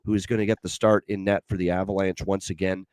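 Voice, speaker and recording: A man's voice: low voice, flat delivery, quick pace, darkish tone. A man hosting a sports betting show, talking through picks with lots of fillers and repeated stats.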